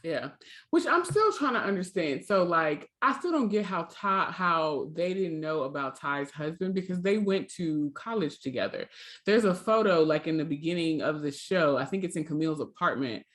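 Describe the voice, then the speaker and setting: A woman co-hosting a casual podcast chat, animated and profane, laughing often. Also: deep voice, moderate pace. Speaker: podcast co-host.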